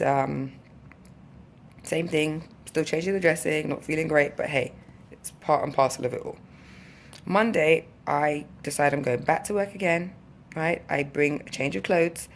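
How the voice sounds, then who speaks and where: A woman telling a story to her vlog viewers in a chatty, animated way, with asides to the audience. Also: sits low, vocal fry, slight background noise. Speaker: vlogger. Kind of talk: casual storytelling to camera.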